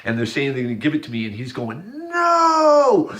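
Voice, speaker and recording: A man's voice: mid-range voice, racing. A man narrating over a series of images, pointing out details one by one in an earnest, repetitive way. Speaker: video narrator.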